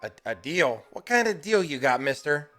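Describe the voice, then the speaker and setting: Guy doing a scared squeaky kid voice, begging, stammers a lot. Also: very animated, normal speed, fairly bright tone, soft background music. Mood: meek. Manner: pleading, meek, stammering. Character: timid scrawny young boy urchin. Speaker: game master.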